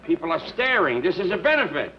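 A man's voice: on the high side, big pitch swings, quick pace, background noise. A man hosting a comedy sketch, speaking in a mock-formal, pompous speechmaking manner. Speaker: comedy sketch host and singer. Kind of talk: 1950s television comedy sketch. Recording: dull old broadcast recording with music.

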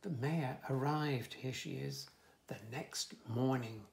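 Man, storybook reading for children, very gravelly voice, slow and unhurried, playful asides. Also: mid-range voice. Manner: animated, playful asides to young listeners. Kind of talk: reading a picture book aloud to children.

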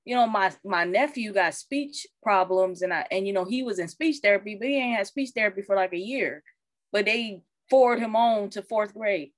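A woman who is a parent and social worker, talking candidly and colloquially in casual chat, animated when she retells what others said. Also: mid-range voice, moderate pace, no echo. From Arizona. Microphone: video call.

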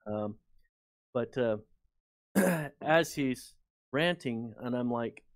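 Man, mid-pitch, casual rambling storyteller, dry close mic. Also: drawn-out words, no room sound. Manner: rambling, animated anecdote with many fillers. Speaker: guest author and researcher.

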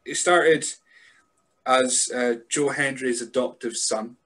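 A man's voice: medium pitch, slow, sharp tone. Joking man hosting a podcast. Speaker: podcast host. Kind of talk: casual interview chat.

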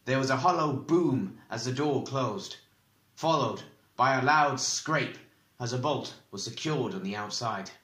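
Guy reading a fantasy audiobook, bright voice, roomy echo. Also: medium pitch, expressive, a little slow. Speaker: audiobook narrator. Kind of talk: fan audiobook narration.

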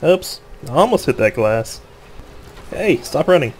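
A man's voice: fairly high pitch, a little slow, slight background noise. Laughing, joking young gamer man. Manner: laughs often, excitable, joking, self-mocking. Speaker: gamer commentating his own play. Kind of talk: casual gameplay commentary.

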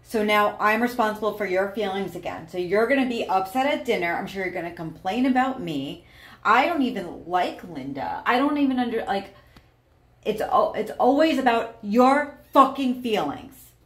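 A woman playing an angry, hostile partner who shouts, swears and turns every complaint back with sarcasm. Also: mid-range voice, animated, moderate pace, natural voice. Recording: roomy echo.

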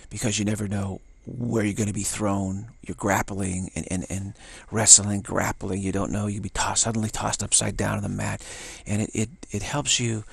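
An older man giving a casual spiritual talk, rambling and halting with many restarts and playful acted-out quotes. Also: on the low side, gravelly, husky, dry recording. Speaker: spiritual teacher.

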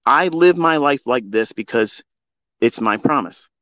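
Hosting a live audio space on his phone, this middle-aged trading mentor delivers an unscripted, heartfelt monologue that's passionate, preachy and full of blunt swearing. His medium-pitched voice is expressive and a bit bright, moving a little slowly.

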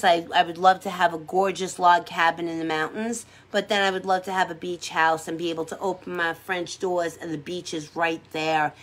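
A woman from hosting a casual makeup livestream, chatting with viewers in a rambling, upbeat, encouraging way. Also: on the low side. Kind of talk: casual livestream chat reading comments.

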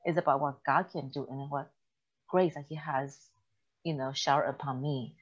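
A woman's voice: rumbling low, steady tone, normal speed, husky, dull audio. A woman co-hosting a church talk show, telling stories with laughter and acted quotes. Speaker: podcast co-host. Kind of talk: casual chat.

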